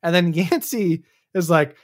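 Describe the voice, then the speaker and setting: A man's voice: high voice, unhurried. A man co-hosting a casual chat about a movie, slangy, often acting out characters' lines. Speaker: podcast co-host.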